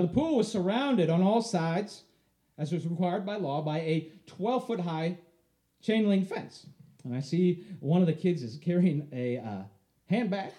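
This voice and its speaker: Man, storyteller, high voice, mellow tone, animated, laughing through it. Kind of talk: personal storytelling to a live audience.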